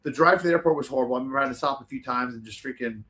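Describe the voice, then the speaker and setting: A man telling casual, animated stories as a talk show guest, rambling with lots of fillers and restarts. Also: mid-range voice, very fast.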